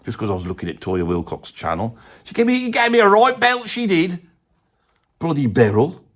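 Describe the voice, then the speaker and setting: A man's voice: on the high side, huge pitch swings, moderate pace. A man playing a rambling, gossipy middle-aged Birmingham bloke and ex-roadie, with a Birmingham accent, swearing mildly and wandering off topic. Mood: rambling grumbling. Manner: rambling, peppered with "bloody", chummy asides. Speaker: comedy character ranking bands. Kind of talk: rambling comic monologue to camera.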